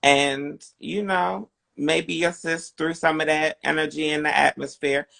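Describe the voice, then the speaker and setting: Gravelly, bright-voiced talk host. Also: male voice, on the high side, fairly even intonation. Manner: affirming, drawn-out, sassy slang. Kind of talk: supportive advice during a live chat show.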